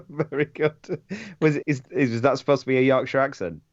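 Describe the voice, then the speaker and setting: A man hosting a podcast, quizzing his guests in a casual interview over a dull online call. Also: a little high. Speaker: podcast host.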